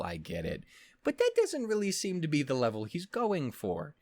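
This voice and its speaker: Young man, casual reaction chat, rambling and profane, animated pitch, dry close sound. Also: normal speed, dry recording. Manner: rambling, profane, self-interrupting, laughs often. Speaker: reaction channel host.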